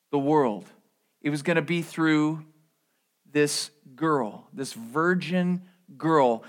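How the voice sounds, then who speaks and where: Male pastor, higher-pitched voice, casual sermon with asides and restarts. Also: a bit bright. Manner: conversational preaching with asides and repeated restarts.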